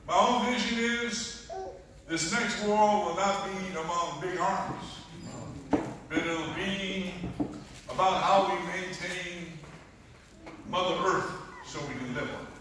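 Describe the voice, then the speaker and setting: A man's voice: sits high, slow, long pauses, noisy background. A man giving an emphatic speech to a church congregation, repeating phrases for effect. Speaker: guest speaker at a church. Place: large echoey church. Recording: echoey hall, heard from far off.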